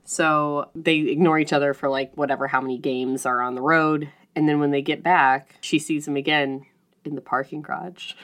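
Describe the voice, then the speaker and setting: A woman with a somewhat low voice chats casually, recapping a story with lots of energy. She slips into quick character voices for the lines she quotes and laughs partway through her sentences. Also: steady tone, a bit bright. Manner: laughs often mid-sentence.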